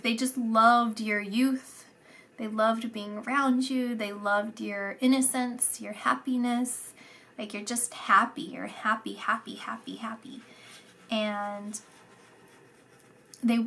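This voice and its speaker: Slow, soft-spoken woman giving a psychic reading. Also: medium pitch, slight background noise. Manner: soft and meandering, repeating words, dropping into whispers. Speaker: psychic reader. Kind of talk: channelled psychic reading to camera.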